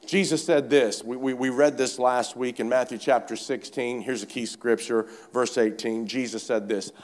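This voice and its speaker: A male pastor preaching a sermon at a church service, fervent and urging, swinging between shouted exhortation and quiet speech. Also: medium pitch, steady tone, moderate pace. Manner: fervent, repeatedly urges the congregation with "come on".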